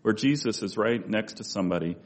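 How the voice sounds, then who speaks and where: A man's voice: fairly low pitch, fairly quick. A man preaching a conversational Bible-study sermon, with asides and restarts as he talks.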